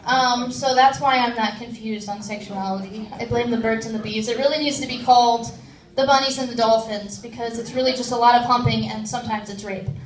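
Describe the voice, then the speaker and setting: 20-something woman doing standup, high voice, dry um-filled delivery, echoey room, mic kinda far. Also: brisk, few pauses. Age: 20s. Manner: deadpan, self-deprecating, frequent "um"s. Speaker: stand-up comedian. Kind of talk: stand-up comedy set. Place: comedy club stage. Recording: roomy, distant live stage mic.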